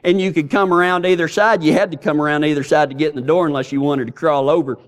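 A middle-aged pastor with a slightly high voice talks fast, delivering a sermon packed with lively, humorous, down-home stories.

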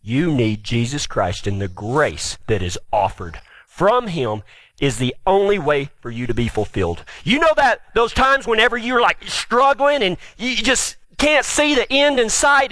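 A male preacher giving a sermon, retelling scripture with animated storytelling, then dropping to a quiet, earnest appeal. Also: fairly high pitch, normal speed, no echo. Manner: animated storytelling, acts out the quoted speakers.

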